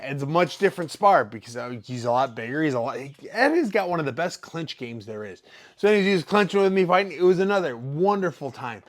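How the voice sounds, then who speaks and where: A man's voice: a little high, animated, brisk, slight background noise. A professional fighter telling a casual story, acting out quotes and sound effects as he goes.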